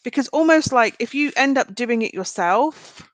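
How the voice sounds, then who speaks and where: A woman's voice: on the high side, unhurried, no room sound. A woman doing a live tarot reading, chatting straight to her viewers. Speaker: tarot reader. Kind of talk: live-stream card reading.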